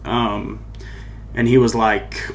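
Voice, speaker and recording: A man's voice: on the low side, level tone, slow, a little hiss or hum. Young man telling a rambling personal story. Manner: loose and rambling, peppered with "like" and "you know what I mean". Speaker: podcast host and musician.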